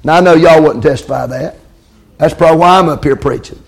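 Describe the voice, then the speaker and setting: Male preacher, high voice, sermon cadence, call-and-response amens. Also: fast talker, creaky. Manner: calls out amens, repeats lines for emphasis.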